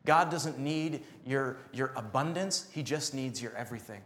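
A man's voice: medium pitch, normal speed, echoey room. A man preaching a sermon, telling stories with laughter and acting out what people said. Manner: animated storytelling with laughs and acted quotes. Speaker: pastor.

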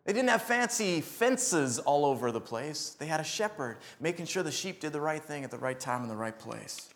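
Guy preaching a sermon, kinda high voice, jokey and animated, does little voices for the story bits. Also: moderate pace, hardly any pauses, slight background noise. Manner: animated, joking, acts out voices in stories. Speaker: preacher and missionary.

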